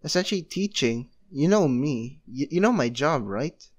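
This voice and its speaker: A man's voice: fairly high pitch, expressive, moderate pace, highs cut off. A man doing a cheerful, rambling devil friend. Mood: friendly. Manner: rambling, filler-heavy.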